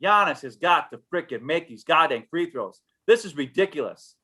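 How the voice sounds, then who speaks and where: A man's voice: on the high side, lively intonation, moderate pace, sharp tone, slightly rough. A man co-hosting a casual sports podcast, telling stories in a frustrated, blunt way. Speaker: podcast co-host.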